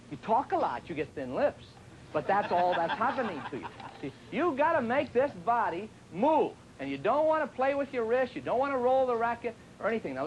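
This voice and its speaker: High voiced guy coaching tennis, jokey and chatty, bounces all over, bit of hiss on an old tv tape. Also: low-quality recording. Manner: chatty, joking, acts out students' lines. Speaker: tennis instructor. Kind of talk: televised tennis lesson.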